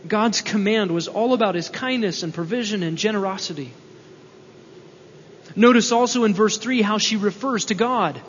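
A man whose voice sits high speaks in an animated way at normal speed. He's preaching an expository sermon in a church hall, earnest and explanatory, posing rhetorical questions, captured in a dull, reverberant recording with a faint hum.

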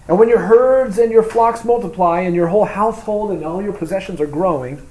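Emphatic man preaching in an echoey room. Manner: swings from loud emphatic reading to quiet, low asides. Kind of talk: expository sermon reading scripture. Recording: echoey room with faint hum.

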